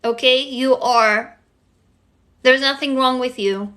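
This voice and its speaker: A woman's voice: high-pitched, steady tone, slow pace, sharp tone. A woman hosting a casual self-help livestream, talking earnestly and emotionally straight to her viewers, now and then swearing. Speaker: livestream host. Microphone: phone.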